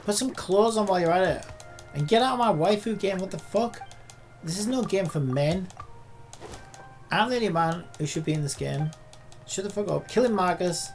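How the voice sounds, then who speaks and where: Gravelly male streamer with a sarcastic, foul-mouthed running rant and faint music underneath. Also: high-pitched, expressive, normal speed, pauses often. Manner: sarcastic, sweary ranting at the game. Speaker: game streamer. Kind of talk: profane livestream commentary.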